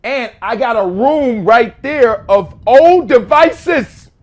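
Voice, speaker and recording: A man in his fifties hosting his own show from a room at home, telling stories in a casual, slangy way that bursts into shouts and laughter. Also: extremely high pitch, expressive, slow. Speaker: show host. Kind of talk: casual storytelling monologue.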